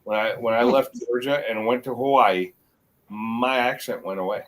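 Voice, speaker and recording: A middle-aged man with a mixed American accent, chatting casually as a guest on a livestream and rambling with halting restarts. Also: medium pitch, fairly even intonation, rough recording. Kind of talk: casual chat.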